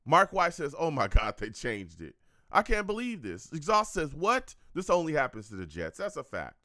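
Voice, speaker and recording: This fan show host, a young man, reacts to a live football game on stream, repeating himself a lot, venting at the calls and speaking to his chat out of frustration. His voice is fairly high and fairly bright, recorded in clean studio sound with no echo.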